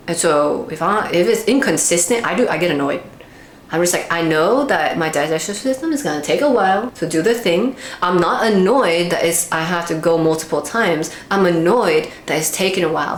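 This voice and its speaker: A woman talking candidly in a casual vlog monologue, animatedly acting out her own inner voice. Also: on the low side. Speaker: vlogger. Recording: echoey room with faint background hiss.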